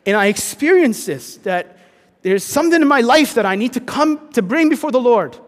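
A man preaching a sermon as pastor, earnest, dropping to a hush and then rising to emphatic points. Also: very high-pitched, animated, moderate pace, big-room sound. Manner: earnest, swings between hushed and emphatic.

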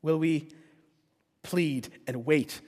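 A man's voice: a little high, very slow, a little mellow. A man preaching a sermon as pastor, earnest and rising to passionate rhetorical questions. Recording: long reverb of a church hall.

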